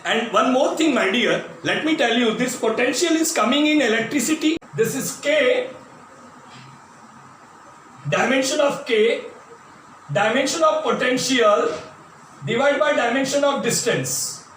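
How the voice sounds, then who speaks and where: A man's voice: very high-pitched, unhurried, long pauses, fairly bright tone. A man teaching physics at a board with an Indian English accent, calling his students "my dear" and repeating key terms. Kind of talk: classroom lecture at a board. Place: classroom. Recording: very echoey classroom, voice from a distance, faint noise.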